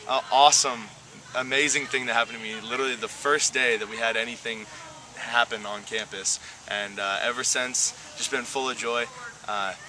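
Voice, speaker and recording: A young man giving a casual testimony, speaking haltingly and repeating words as he starts. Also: medium pitch, background noise.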